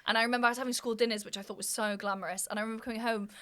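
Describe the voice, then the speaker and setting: A woman from North Wales chats as a guest on a comedy podcast. Her voice is bright and sits a little high, with a faint Welsh lilt under an otherwise English-sounding accent, and she tells her anecdotes full of fillers and false starts. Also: racing. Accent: light Welsh-English, mostly English-sounding. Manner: animated anecdotes, many fillers and restarts. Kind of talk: casual chat, storytelling.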